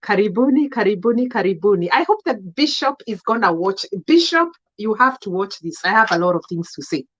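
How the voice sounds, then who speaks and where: An adult woman with a Kenyan accent hosts a live stream, greeting viewers by name and speaking her mind emphatically in a mix of English and Swahili. Her mid-range voice is very animated and a bit bright, moving a little fast with hardly any pauses. The recording sounds muffled.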